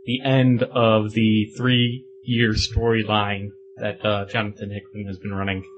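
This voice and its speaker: A man's voice: fairly low pitch, a little slow, highs cut off. A man co-hosting a casual podcast, chatting about comic books and movies with frequent laughs. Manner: laughs often, relaxed geeky banter. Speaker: podcast co-host. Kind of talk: casual chat.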